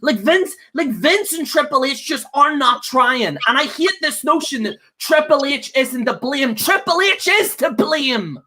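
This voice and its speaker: A man co-hosts a wrestling chat with a bright, forceful tone. He rants angrily and swears freely. He circles back on his own words and keeps checking in with "okay?". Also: very high voice, animated, measured pace, few pauses. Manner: angry, profane, repeats himself, keeps ending with "okay?". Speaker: co-host. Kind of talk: casual podcast rant.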